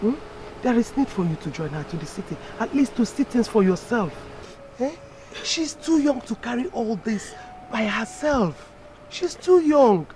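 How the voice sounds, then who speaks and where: An actress playing a concerned mother figure who comforts a crying young woman, speaking with a Nigerian accent in a pleading, animated way. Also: a little high, normal speed, slight background noise, natural voice. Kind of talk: Nollywood film acting.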